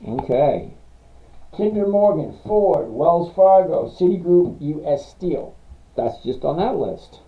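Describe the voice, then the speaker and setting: Here a man hosts a laid-back stock stream, answering viewers and reading out chart data in a blunt, rambling manner. His voice is a little high and animated but slow-paced, and the recording has a tinny, phone-like quality.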